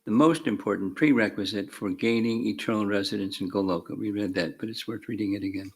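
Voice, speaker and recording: In a temple classroom, a man with a fairly low voice reads scripture verses aloud and adds commentary as a spiritual teacher. He is slow and measured, with fervent emphasis on key words.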